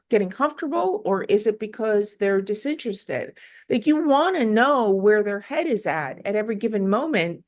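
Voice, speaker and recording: A woman appearing as a guest sales expert, making her points firmly with rhetorical questions. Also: fairly high pitch. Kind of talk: casual interview chat.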